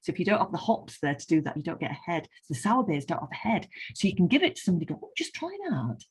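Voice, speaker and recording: A woman with a Northern English accent, a beer writer chatting casually and explaining with lively enthusiasm. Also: lowish voice, very fast, slightly rough. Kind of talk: casual chat.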